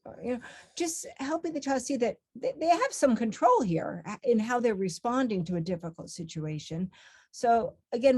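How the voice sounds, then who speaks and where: A woman teaching parents in a calm webinar chat, giving example phrases for them to use. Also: mid-range voice, no room sound, studio quality.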